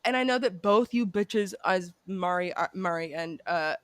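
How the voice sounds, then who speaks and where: A woman co-hosting a podcast in casual chat, animated and sweary, often mimicking people. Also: on the low side, moderate pace, no echo. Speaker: podcast co-host.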